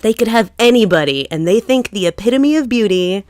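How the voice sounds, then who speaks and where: A woman co-hosting a podcast in casual chat, talking fast and loose with many fillers and frequent laughs. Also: medium pitch, expressive, a little mellow, no echo, studio quality. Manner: chatty, lots of "like" fillers, laughs often. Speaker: podcast co-host.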